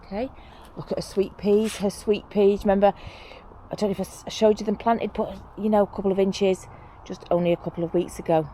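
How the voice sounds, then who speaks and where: A woman, chatting casually and excitedly to camera while showing her allotment garden. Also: mid-range voice, a little fast, slight background noise. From England. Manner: chatty, rambling, excitable about plants. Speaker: allotment vlogger. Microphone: clip-on mic.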